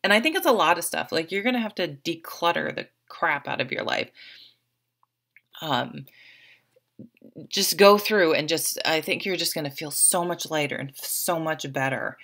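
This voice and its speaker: A woman's voice: deep voice, animated, moderate pace, a bit bright. A woman giving a chatty, encouraging tarot reading straight to her viewers, with many fillers along the way. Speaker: tarot reader. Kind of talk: casual tarot reading to camera.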